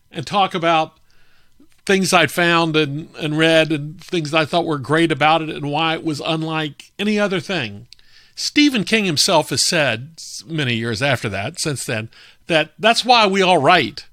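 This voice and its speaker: Male podcast host, fairly high voice, casual storyteller, dry close recording. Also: dry recording. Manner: relaxed, chatty, with frequent fillers.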